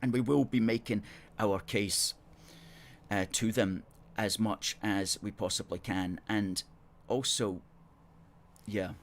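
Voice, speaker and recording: Man, low voice, earnest live-stream host, argues his points and reads viewer comments. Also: steady tone, takes it slowly, a little hiss or hum. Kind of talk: live-streamed political talk show. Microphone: table microphone.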